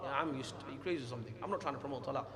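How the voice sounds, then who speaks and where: A man teaching an Islamic lesson to a class, animated and scolding, acting out quotes and taking questions. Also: medium pitch, rapid-fire. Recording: echoey hall, long reverb.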